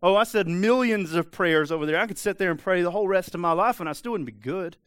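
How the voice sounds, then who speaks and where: Emphatic male pastor, smooth clear voice. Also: sits high, quick pace, fairly bright tone, no echo, studio quality. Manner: emphatic, conversational, acts out voices. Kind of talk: sermon.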